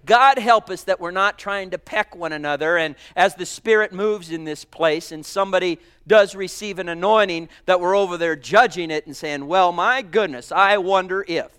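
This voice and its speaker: A man preaching a sermon, fervent, swinging between loud exclamations and hushed asides. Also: high voice, normal speed, few pauses, clean tone.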